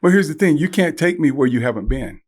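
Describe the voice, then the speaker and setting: An older man speaks as a podcast guest. He tells stories with lively swings in pitch and often slips into the voices of the people he quotes. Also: quick pace, breathy edge. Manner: animated storyteller, acts out quoted voices. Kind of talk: conversational interview.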